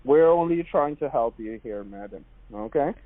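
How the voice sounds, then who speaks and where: A man with a Jamaican accent making a pushy phone pitch, repeatedly calling the listener madam and sweetheart. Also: animated, moderate pace. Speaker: phone scammer. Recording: dry tinny phone line.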